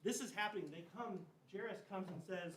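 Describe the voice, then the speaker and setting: This man's voice is high, a little fast and a bit bright as he leads a confirmation class. His Bible stories come out loose and chatty, full of slang and "like." It's recorded in an echoey room on a distant mic with faint hiss.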